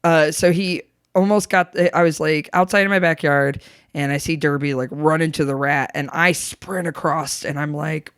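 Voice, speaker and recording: A young woman, a comedian guest, chatting casually with wry humor, quick laughs and swearing. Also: low voice, fairly even intonation, clean tone, dry recording, studio quality. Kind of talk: casual chat.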